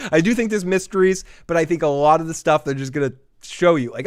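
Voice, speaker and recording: A man's voice: fairly high pitch, brisk. A man hosting a live TV episode review, chatty and rambling, swearing freely and laughing often. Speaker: host of a TV review show.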